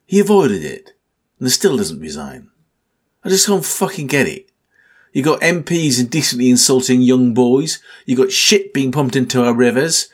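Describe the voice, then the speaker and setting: A man in his sixties with a husky voice, delivering an angry, swearing political rant in exasperated outbursts. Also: mid-range voice, very animated, normal speed. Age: 60s.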